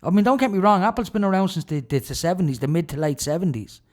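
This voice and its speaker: A man's voice: high-pitched, animated, quick pace. An Irish man hosting a radio show, delivering an indignant, ranting solo monologue with heavy emphasis.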